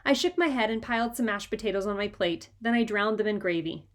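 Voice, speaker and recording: A woman reading a children's chapter book aloud in a lively, expressive way. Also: medium pitch, fast talker. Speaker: reader. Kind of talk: storybook read-aloud.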